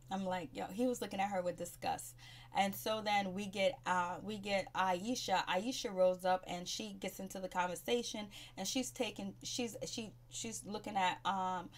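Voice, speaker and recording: A woman giving a casual, slangy recap of a TV show, chatting in an animated way. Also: mid-range voice, measured pace.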